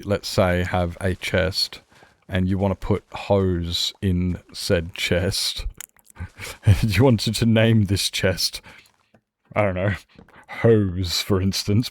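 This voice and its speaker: A man streaming a game, chatting loosely and laughing at himself. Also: deep voice. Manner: rambling, laughs often, self-mocking. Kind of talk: casual gaming stream chat.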